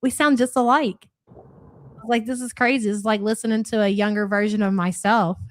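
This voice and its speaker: Reading chat messages aloud on her live reaction stream, this Kentucky woman with a Louisville accent is chatty and blunt and swears without a second thought. She has a mid-range voice with fairly even intonation and a brisk delivery.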